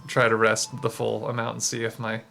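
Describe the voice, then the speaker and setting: A man's voice: fairly low pitch, monotone, a little fast, gravelly, pushed and bright, soft background music. A man playing a tabletop game, talking casually and joking. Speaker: player.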